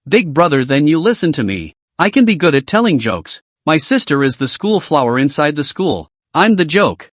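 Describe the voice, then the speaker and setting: A cheeky young woman voiced by a man narrator rattles off jokes at her sister's expense. Her voice is lively, pitched a little high, and recorded dry and close. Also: normal speed, few pauses, dry recording. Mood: teasing.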